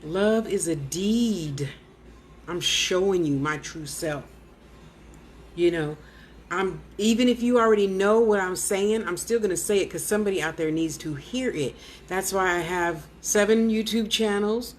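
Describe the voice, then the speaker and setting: A woman's voice: medium pitch, measured pace, slight background noise. A woman clairvoyant medium in casual live-stream chat at home, rambling and blunt, talking straight to her viewers.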